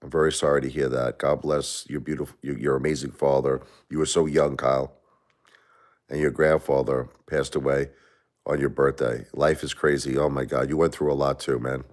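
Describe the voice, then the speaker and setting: At normal speed and with little pitch movement, a middle-aged man with a very deep voice hosts a livestream. He addresses viewers emotionally and defensively, rambling through repetitions and restarts.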